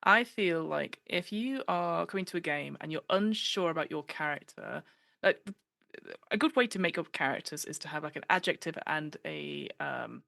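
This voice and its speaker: A woman guest on a podcast chatting casually, animated and given to acting out the voices she quotes, with plenty of fillers. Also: sits low, normal speed, gravelly, no room sound.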